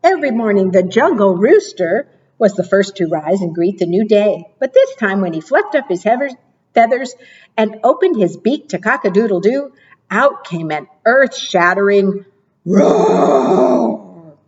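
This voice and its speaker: A woman, a children's librarian, reading picture books aloud at preschool storytime, gentle and encouraging, often asking the children questions. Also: mid-range voice, lively intonation, normal speed, slightly rough, far from the mic, highs cut off.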